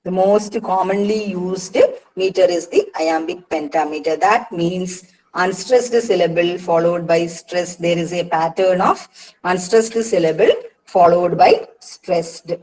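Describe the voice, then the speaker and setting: A woman with an Indian English accent giving a patient lecture to students, often pausing with "uh" and "see" and repeating key points. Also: lowish voice, a little mellow, low-quality recording. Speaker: English literature teacher. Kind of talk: online lecture on poetic meter.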